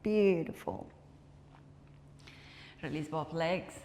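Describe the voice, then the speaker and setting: A woman instructor calmly cueing a guided movement and breathing practice, counting reps and offering soft encouragement. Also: sits low, slow, a little hiss or hum. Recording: echoey room with long reverb.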